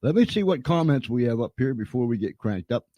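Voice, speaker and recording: A man hosts a casual live-stream interview while fighting a cold, coming across folksy, chatty, and like a playful showman. His medium-pitched voice is mellow with lively intonation, fairly quick, and recorded dry.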